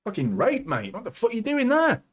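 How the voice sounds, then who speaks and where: A man hosting a live football watchalong, commentating as a fan and swearing a lot as he swings from nervous muttering to shouting. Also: extremely high pitch, huge pitch swings, a little fast, husky.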